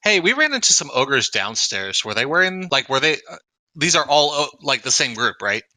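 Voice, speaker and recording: A man's voice: mid-range voice, very animated, normal speed, sharp tone, no room sound. A man playing in a tabletop game, brief and offhand. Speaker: player. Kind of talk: casual tabletop role-play.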